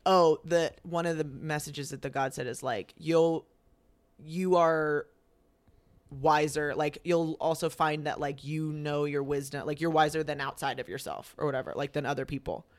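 A young man on a podcast, casually retelling a story in a loose, animated way, acting out the quoted lines and using lots of fillers. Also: on the high side, normal speed, no room sound.

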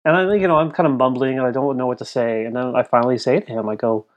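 The same kind of scene: a thirtysomething podcast co-host emotionally rambles through a personal family story, saying "like" constantly. His mid-range voice moves at a quick pace with fairly even intonation, and the sound is lo-fi.

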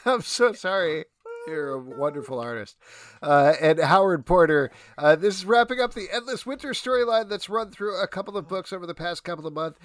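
A man's voice: high voice, fairly quick. A man hosting a casual comic review show, reading out credits and leading the talk. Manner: lively, reads credits, laughs between lines. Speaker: host.

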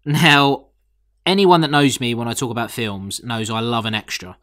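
A man co-hosting a casual chat, joking and acting out quotes with lively swearing. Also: mid-range voice, moderate pace. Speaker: podcast co-host.

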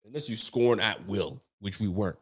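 A young man hosting a sports podcast delivers a frustrated, slangy postgame rant that keeps circling back to the same points. His voice is lowish and fairly quick, with a breathy edge.

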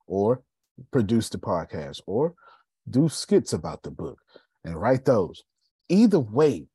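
A man hosting a casual group talk, animated and preachy, with a slangy way of talking. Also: mid-range voice, husky, no room sound. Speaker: host.

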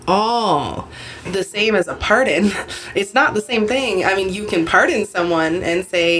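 A woman's voice: mid-range voice, animated, unhurried, a bit bright. A woman from Canada hosting a casual podcast, rambling with lots of fillers and restarts, swearing now and then. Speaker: podcast host.

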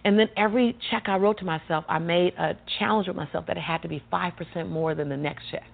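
A woman guest telling her life story in a lively, motivational way, acting out the dialogue and laughing often. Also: lowish voice, quick pace, vocal fry. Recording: tinny phone-like sound with faint music.

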